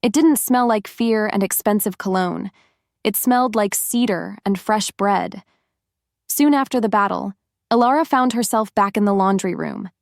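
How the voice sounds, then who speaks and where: A woman narrating a romance audiobook in an even, steady storytelling manner. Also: medium pitch, dry recording, clean studio sound.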